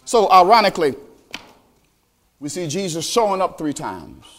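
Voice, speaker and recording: A male pastor preaching a sermon, animated, asking the congregation questions directly. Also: high voice, moderate pace.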